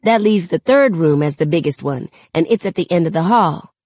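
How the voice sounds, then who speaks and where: A woman reading a novel aloud in a steady, unhurried way. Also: fairly low pitch, no room sound. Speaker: reader.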